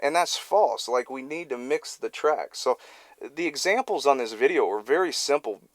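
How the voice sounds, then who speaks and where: A man talks casually to the camera about mixing, loose and conversational, often restarting his words. His voice sits at a mid pitch for a man. It is picked up on a close studio microphone with almost no room sound. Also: expressive, moderate pace, no echo. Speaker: mixing engineer. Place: recording studio. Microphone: close studio vocal mic.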